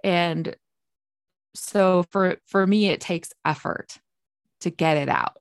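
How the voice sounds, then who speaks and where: A woman reflects on a podcast, hesitant and thoughtful as she searches for her words. Her voice is low with a gravelly fry, and it is recorded dry and close. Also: takes it slowly, no echo. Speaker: podcast guest.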